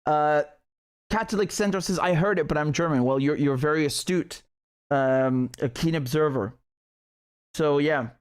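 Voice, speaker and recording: Male political streamer, slightly high-pitched, heated and sarcastic, restarts often. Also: moderate pace, smooth. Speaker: host of a live political stream. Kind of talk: live-stream commentary.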